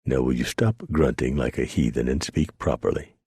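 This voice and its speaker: A man's voice: very deep voice, moderate pace, warm tone, husky, no echo, studio quality, pitched below the performer's own voice, heavily acted. A man voicing a prim, exasperated missionary who talks in a proper, lecturing way. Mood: scolding.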